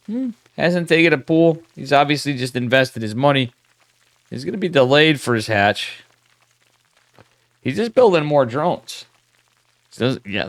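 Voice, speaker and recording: A man's voice: fairly high pitch, dry recording. A man streaming live game commentary, talking in a loose, profane, hyped-up way to his chat between plays. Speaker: esports caster.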